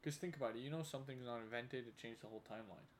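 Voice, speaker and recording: A man's voice: medium pitch, very fast, a little hiss or hum. A young man co-hosting a podcast, telling rambling, joking stories in casual banter. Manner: rambling, joking, animated storytelling. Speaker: podcast co-host. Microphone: studio podcast mics.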